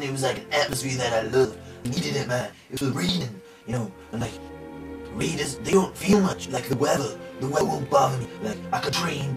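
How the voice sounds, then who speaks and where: A man's voice: mid-range voice, close to an everyday voice. A man playing a boastful macho rugby player in an improvised comedy monologue, rambling and full of "like" and "you know". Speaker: comic character in an amateur trailer. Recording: roomy amateur video from far off with music.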